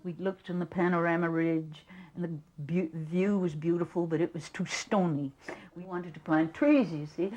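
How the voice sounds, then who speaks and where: An older woman recalling the past in an interview, halting and repeating words as she tells her story. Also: lowish voice, rough recording. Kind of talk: reminiscing interview.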